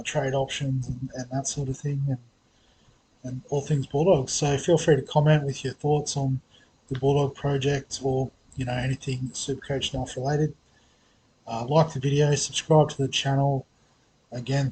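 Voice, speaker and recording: A man's voice: medium pitch, a little mellow, a little hiss or hum, rough recording. A man with an Australian accent hosting a fantasy sports vlog, talking casually with lots of hesitations, fillers and restarts. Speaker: fantasy sports channel host.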